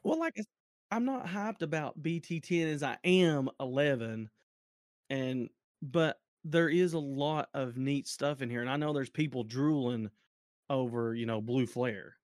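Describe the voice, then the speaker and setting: A man co-hosting a casual card game podcast, talking excitedly and laughing often, with sudden jumps up in pitch. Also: a little slow, no room sound, studio quality.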